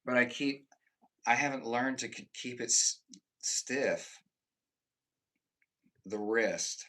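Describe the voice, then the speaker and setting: Casually addressing his live-stream viewers, he rambles, curses and repeatedly begins sentences anew, veering between emphatic bursts and quiet muttering. The tone is fairly bright.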